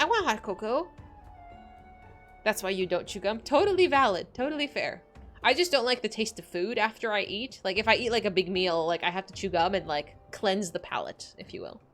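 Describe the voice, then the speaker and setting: A woman streamer chatting casually with her viewers while playing, rambling and saying "like" a lot. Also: mid-range voice. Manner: chatty, rambling, heavy use of "like"; reads game dialogue aloud. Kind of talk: casual livestream chat while gaming.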